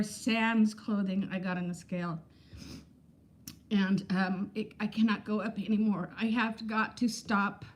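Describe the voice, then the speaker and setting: Woman in her fifties, slightly high voice, casual livestream chat, rambling and candid. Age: 50s. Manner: rambling, candid, greets viewers by name. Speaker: vlogger.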